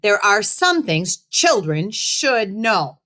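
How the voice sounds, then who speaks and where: A woman voicing a short, stern male school principal with a big booming voice who repeats himself. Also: very animated, slow pace, pushed and bright, heavily acted.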